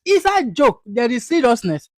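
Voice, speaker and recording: A chatty commentator talks over a clip in a relaxed, conversational way, mixing West African Pidgin into English. The voice sits at a middle pitch. The recording is dry and close, with no room sound. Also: moderate pace, no echo. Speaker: video commentator. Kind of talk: reaction commentary.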